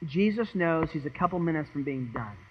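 High-voiced man preaching an earnest sermon. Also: lively intonation, a little fast, lo-fi sound, slight background noise. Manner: earnest, dramatic, swings from loud to hushed; repeats and restarts words. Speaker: pastor. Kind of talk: expository sermon.

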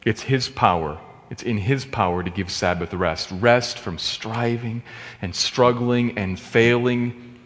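A man's voice: medium pitch, slow. Emphatic male preacher in a reverberant hall. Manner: emphatic preaching, swinging between loud stresses and hushed asides. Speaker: pastor. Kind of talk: sermon.

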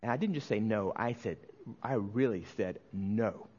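A man's voice: on the low side, moderate pace, dull audio. Earnest pastor preaching, man's voice. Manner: earnest, emotional storytelling with many restarts and quiet dips. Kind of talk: sermon.

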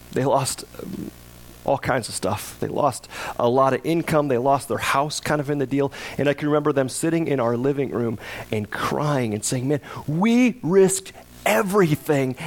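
A middle-aged man preaching a sermon as pastor, talking to the congregation in a conversational way and acting out pleading cries in a raised voice. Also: mid-range voice.

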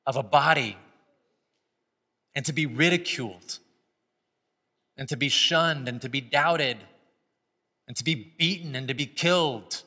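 A man preaching a sermon as pastor of his church, moving from quiet reflection to loud, impassioned stretches. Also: medium pitch, a little slow, pauses often. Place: church sanctuary. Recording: long hall reverb.

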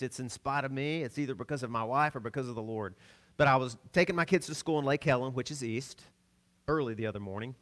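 A middle-aged man from the American South preaching a sermon, telling stories with laughs and sudden swings between loud and soft. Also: medium pitch. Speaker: pastor.

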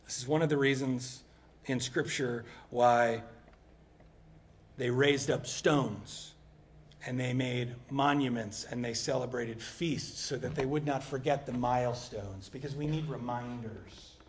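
A man preaching a conversational sermon, emphatic, swinging between loud and hushed passages. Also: medium pitch, steady tone, slow pace. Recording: roomy echo with faint background noise.

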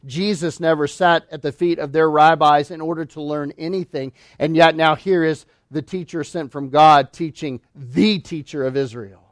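A man preaching a sermon, emphatic, asking rhetorical questions and swinging between loud declarations and hushed asides. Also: a little high, steady tone, normal speed, hardly any pauses, dry recording, studio quality. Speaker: pastor.

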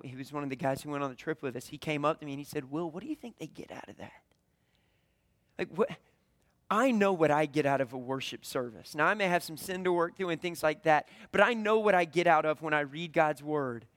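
A man's voice: on the high side, brisk, fairly bright tone, no echo. A man in his thirties with a Southern US accent, preaching a conversational sermon full of storytelling and acted-out dialogue. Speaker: pastor.

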